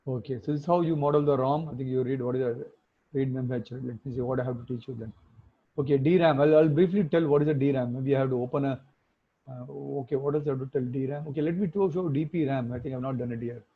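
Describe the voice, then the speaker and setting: Heard through phone-like muffled call audio, this instructor speaks quickly in a mid-range voice with a breathy edge. Teaching an online class, he works through the material step by step and frequently checks with tag questions.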